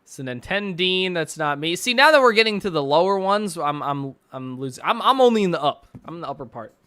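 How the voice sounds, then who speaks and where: Lively, bright-voiced ranting male streamer. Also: fairly high pitch, brisk, smooth, no room sound. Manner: profane, ranting, mocking; reads chat and posts aloud with sarcastic asides. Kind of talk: casual live-stream reaction commentary.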